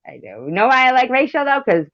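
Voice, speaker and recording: A woman's voice: sits high, sing-song, quick pace, fairly bright tone, no echo, highs cut off. A woman hosting a casual live-stream chat, crude and teasing, laughing at her own jokes, a little stoned.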